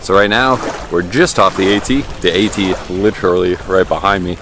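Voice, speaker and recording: Guy vlogging on a hiking trail, kinda low voice, chill and upbeat, lots of ums, faint music behind. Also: moderate pace. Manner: easygoing, upbeat, many fillers. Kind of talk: casual outdoor vlog narration. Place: outdoors on a mountain trail.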